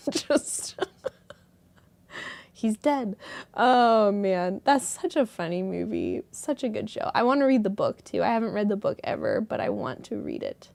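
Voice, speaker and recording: Hoarse, giggly woman host, slow. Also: medium pitch, big pitch swings, darkish tone, dry recording. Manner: giggly, breaks into laughter often; clears her throat and coughs now and then. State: hoarse, recovering from a lost voice. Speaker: yarn shop live stream host. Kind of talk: casual live stream chat with viewers.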